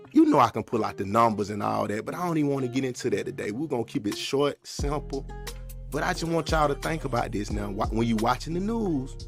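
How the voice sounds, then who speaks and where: Gravelly, rambling male podcast host. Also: mid-range voice. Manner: loose, rambling, drawling slang with many fillers. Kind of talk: casual unscripted podcast talk.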